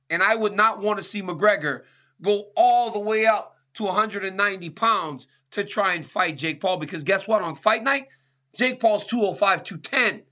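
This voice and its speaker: A man's voice: sits high, bright, forceful tone. A man hosting a sports talk show, answering listener questions in an emphatic, conversational way and often checking in with "right?". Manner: emphatic, keeps asking "right?".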